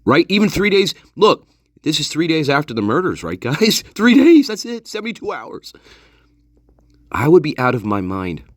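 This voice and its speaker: A man's voice: fairly high pitch, huge pitch swings, normal speed, dry recording, studio quality. A man giving profane, sarcastic commentary on a case, swearing and laughing as he talks. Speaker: true-crime commentator.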